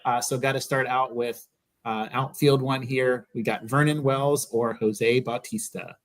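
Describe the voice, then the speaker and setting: A man hosting a sports podcast, relaxed and casual, with many fillers. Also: medium pitch, measured pace. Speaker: podcast host. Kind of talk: casual chat.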